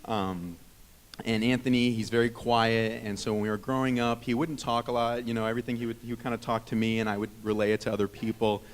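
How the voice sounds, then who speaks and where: A man in his thirties giving a rambling, heartfelt wedding toast as the groom's brother, teasing himself between warm words. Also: mid-range voice, flat delivery, fast. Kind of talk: wedding speech. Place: wedding reception hall. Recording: long reverb of a reception hall.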